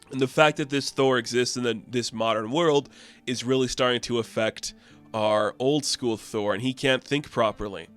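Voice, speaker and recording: A man's voice: mid-range voice, normal speed, soft background music. Chatty casual comic book reviewer man. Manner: chatty, loose, excitable.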